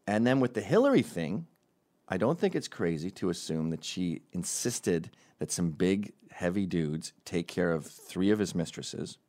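A man's voice: deep voice, darkish tone, dry recording. A man ranting comedically as a podcast host, rambling and profane, jumping between tangents. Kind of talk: comedic rant.

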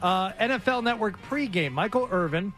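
A man's voice: high voice, animated, moderate pace, fairly bright tone, faint music behind. A man hosting a comedic sports talk show, leading segments with dry, teasing humor.

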